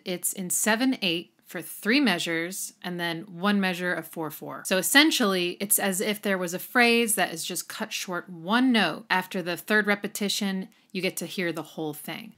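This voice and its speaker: A woman explaining music theory in a lively way, counting beats aloud and now and then singing short snippets. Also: lowish voice. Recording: music playing behind the voice.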